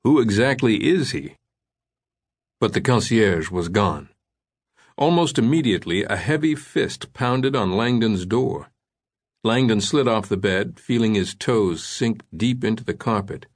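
A man narrating an audiobook thriller in a measured, suspenseful way. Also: lowish voice, animated.

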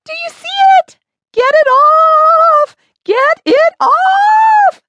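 A woman's voice: high-pitched, wildly swooping pitch, slow, heavy background noise, voice pushed up, exaggerated voice. A woman voicing a twelve-year-old twin girl who shrieks in panic and speaks bluntly. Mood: panicked.

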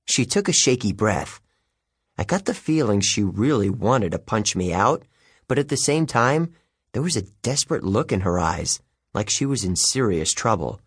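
A man's voice: on the low side, normal speed, husky, no echo, studio quality. A man narrating a children's audiobook in the first person, with a wry storytelling manner. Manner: lively, wry storytelling with youthful character voices.

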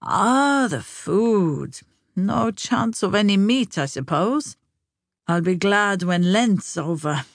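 A woman's voice: mid-range voice, lively intonation, slow pace, no echo, clean studio sound. Brief: woman reading as a hungry, grumbling elderly man, lightly sketched. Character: grumbling old man at the table.

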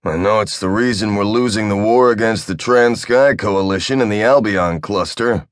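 A man's voice: on the low side, normal speed, no room sound, natural voice. A man voicing a tired, sarcastic male officer who is on medication. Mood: sardonic. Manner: dry, sarcastic. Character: sardonic, weary male officer under medication.

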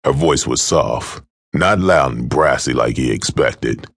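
A man narrating a dark audiobook thriller in a measured, grave manner. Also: very deep voice, no echo, clean studio sound. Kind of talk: scripted narration.

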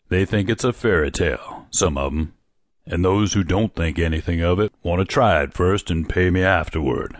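A man reading an audiobook, voicing a solemn, dogged old sergeant major who speaks slowly and gravely. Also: deep voice, no echo, studio quality. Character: grave old male soldier, solemn, weary.

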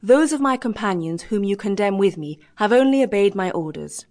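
A woman's voice: medium pitch, lively intonation, a little fast, a little mellow, natural voice. A woman reading an audiobook, voicing a proud male ship captain who speaks in a firm, formal way. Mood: firm protesting.

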